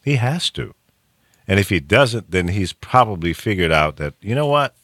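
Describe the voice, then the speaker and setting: A man's voice: sits low, moderate pace, no echo, studio quality. A man hosting a talk show, chatting casually and giving opinions with plenty of restarts and chuckles. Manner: opinionated, animated, chuckles often, frequent restarts. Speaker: radio talk show host.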